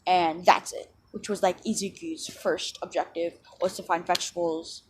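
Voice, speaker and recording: A woman's voice: lowish voice, level tone, normal speed, slightly rough. Rambling casual woman storyteller. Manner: rambling, filler-heavy, lots of "like". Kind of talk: casual spoken fan-fiction retelling.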